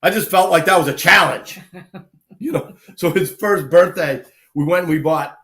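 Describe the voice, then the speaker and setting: A man, casually telling lively army anecdotes on a live talk show and acting out the people he quotes. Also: fairly high pitch, normal speed. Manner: animated anecdotes, acts out quoted people, laughs often. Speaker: guest storyteller, army veteran.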